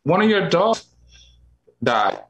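A man's voice: high voice, sing-song, takes it slowly, fairly bright tone, lo-fi sound. Easygoing, rambling male co-host. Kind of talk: casual chat.

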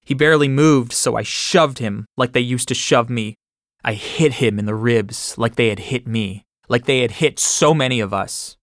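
A man's voice: medium pitch, moderate pace, dry recording. Man narrating a memoir, dry sound. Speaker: audiobook narrator. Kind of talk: first-person memoir narration.

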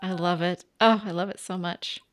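A woman's voice: lowish voice, steady tone, moderate pace, no room sound, clean studio sound. A woman hosting a casual interview, encouraging her guest with enthusiasm. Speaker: interview host.

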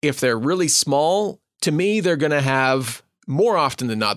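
A man's voice: a little high, animated, unhurried, a bit bright, no echo, studio quality. A man co-hosting a casual chat about tabletop characters, speaking thoughtfully and restarting his phrases. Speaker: podcast co-host and player.

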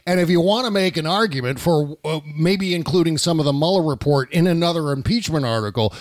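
A man's voice: on the high side, a little fast, no echo. Brash sarcastic talk-show host man. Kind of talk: casual political talk.

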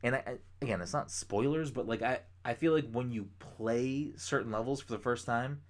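A young man co-hosting a podcast, chatting casually, rambling with excitement and swearing freely. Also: mid-range voice, moderate pace. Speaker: podcast co-host. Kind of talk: casual chat.

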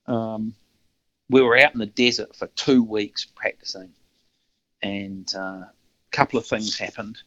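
A man's voice: on the low side, a little slow, long pauses, pushed and bright, dry recording, lo-fi sound. A middle-aged New Zealand man with a New Zealand accent, telling stories casually as a podcast guest, rambling and laughing with frequent restarts. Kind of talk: casual storytelling.

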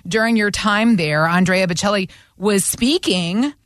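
A woman co-hosting a podcast, talking in a reflective, measured way. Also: medium pitch, fairly bright tone, no echo, studio quality. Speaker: podcast co-host. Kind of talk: conversational podcast talk.

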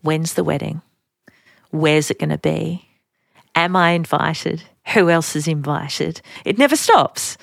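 With a low-pitched voice and audible vocal fry, a middle-aged Australian woman tells personal stories on her podcast. Her manner is chatty and self-deprecating, and the clean studio recording has no echo.

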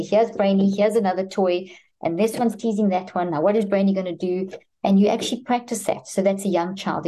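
A woman's voice: fairly low pitch, dark tone. A woman speaking as a guest expert in an interview, explaining earnestly and with emphatic repetition. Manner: earnest, emphatic, repeats herself.

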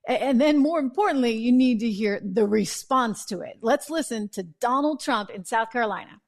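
A woman hosting an opinionated political commentary show, chatty and sarcastic, with quick asides and self-corrections. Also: on the high side, animated.

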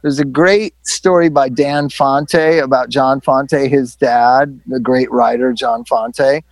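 A man's voice: medium pitch, fairly even intonation, slow, dry recording. Reflective man telling an anecdote. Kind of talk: casual conversation.

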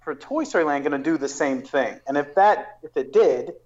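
A man's voice: a little high, animated, moderate pace, a little mellow. Man with a muffled voice, explaining at length. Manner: explains at length with many restarts. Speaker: podcast guest. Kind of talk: casual podcast conversation.

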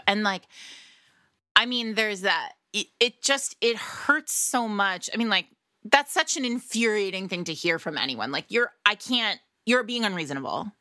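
A woman's voice: mid-range voice, expressive, moderate pace, sharp tone, no echo, studio quality. A woman co-hosting a podcast, talking about a book in a casual, effusive, rambling way full of fillers. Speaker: podcast co-host. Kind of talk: casual book-discussion chat.

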